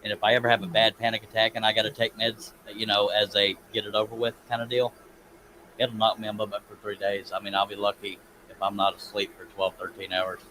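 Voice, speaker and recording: A man's voice: lowish voice, completely flat delivery, fairly quick. Man, folksy stream host, laughs a lot, slight background noise. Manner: folksy, laughs often, reads chat aloud. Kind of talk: casual live stream chat.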